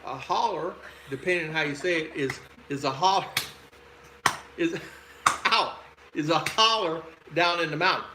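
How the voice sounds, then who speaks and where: A man's voice: a little high, moderate pace, long pauses, heavy background noise. An older man with a Southern American accent, hosting a casual livestream and chatting through viewer comments with frequent chuckles. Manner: rambling, chuckles often. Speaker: host. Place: home in the Philippines.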